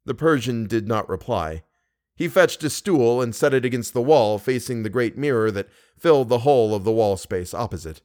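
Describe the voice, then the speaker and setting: An audiobook narrator, a man with a mid-range voice, reads a classic novel at a moderate pace. His storytelling is steady and even, and the narration is scripted.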